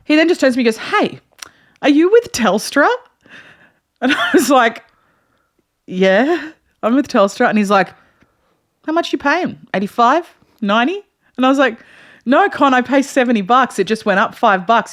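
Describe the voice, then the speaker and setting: Animated woman telling a story. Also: a little high. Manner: animated storyteller, acts out quotes, laughs often. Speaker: podcast co-host. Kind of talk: casual chat, storytelling.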